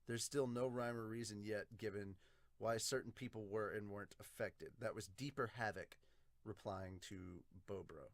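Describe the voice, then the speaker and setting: A man's voice: lowish voice, normal speed, dry recording. Casual, laid-back male podcast host. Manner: casual, swears, laughs easily, reads comments aloud. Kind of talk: casual comment-reading review.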